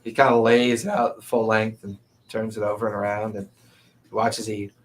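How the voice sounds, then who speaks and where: A man's voice: fairly low pitch, normal speed. Laid-back male game master. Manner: relaxed, casual narration with fillers. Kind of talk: narrating a tabletop game.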